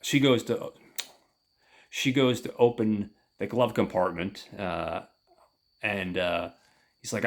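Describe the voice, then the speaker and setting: A man hosting a podcast, recapping a comic book in a casual, halting way with many fillers. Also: on the low side. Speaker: podcast host.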